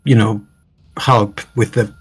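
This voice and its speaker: A man's voice: on the low side, steady tone, slow, crowd noise. A man playing a character in a tabletop game, hedging with many fillers. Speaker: player.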